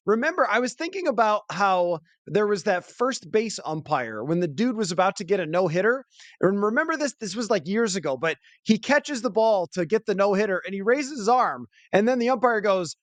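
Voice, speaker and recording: A man's voice: high-pitched, animated, moderate pace, no echo. A man hosting a sports podcast, chatting casually and thinking aloud with asides. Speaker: podcast host.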